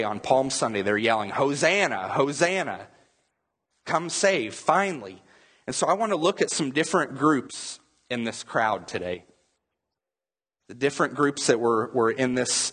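A man's voice: mid-range voice, fairly bright tone. A man preaching a sermon as a pastor, talking to the congregation in a loose, conversational way. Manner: conversational preaching with acted-out crowd voices.

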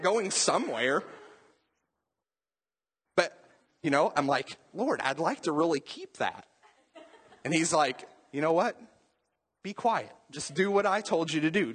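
A young adult man preaching a sermon in a relaxed, conversational way, full of casual asides. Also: fairly high pitch, slightly rough. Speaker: pastor.

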